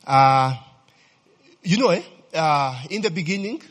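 A man's voice: on the high side, expressive, measured pace, a bit bright. A man preaching a sermon, constantly checking in with his listeners and asking them to fill in words. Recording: reverberant hall.

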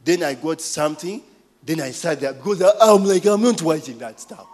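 A Ugandan man in his forties preaching, telling personal stories with lively asides and questions to the congregation. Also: a little high, normal speed. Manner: animated storytelling, call-and-response asides.

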